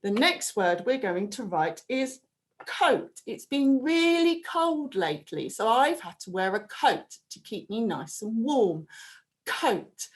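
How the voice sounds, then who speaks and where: A woman teacher leads young children through a phonics lesson. She speaks slowly and deliberately in a bouncy sing-song voice that rises high on each sound. Her pitch sits a little above average. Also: big pitch swings. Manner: slow, clear, sing-song prompting with drawn-out sounds. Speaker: primary school teacher.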